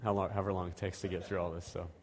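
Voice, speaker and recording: A lay preacher in his thirties or forties gives a casual, self-deprecating sermon and prayer in a church sanctuary, rambling with restarts and chuckles. His low, level voice moves very fast, and the recording echoes with the reverberance of the church hall.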